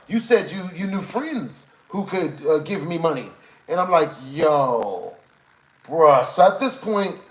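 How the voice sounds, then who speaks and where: A man tells a long, rambling story to his live chat, leaning on slang and repeating the same filler phrases. His voice sits a little high. The room around him sounds echoey. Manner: rambling, repeats "you know what I'm saying". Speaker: streamer.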